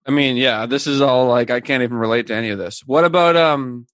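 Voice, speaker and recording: A man's voice: mid-range voice, fast talker, fairly bright tone, clear, resonant tone, dry recording, clean studio sound. A man hosting a casual chat, curious and asking questions. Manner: curious, asks questions, laughs along. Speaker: podcast host.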